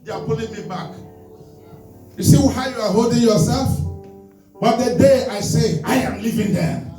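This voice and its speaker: High-voiced preaching man, echoey hall. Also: moderate pace, dark tone. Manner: emphatic call-and-response preaching, demonstrating with helpers. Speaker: pastor. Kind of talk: sermon. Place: church. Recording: echoey church hall from far off, with music. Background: guitar music.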